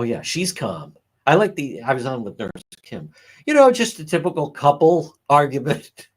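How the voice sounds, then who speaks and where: A middle-aged man hosting a casual livestream, answering chat comments in a sarcastic, wry way and chuckling now and then. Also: moderate pace. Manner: sarcastic, wry, chuckling, animated swings in pitch. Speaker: livestream host.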